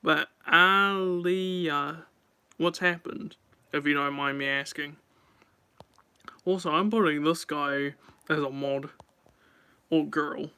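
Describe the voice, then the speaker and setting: A man's voice: a little high, fairly even intonation, slow pace, pauses often, pushed and bright, smooth. A man chatting casually on a live stream, rambling and talking straight to his viewers.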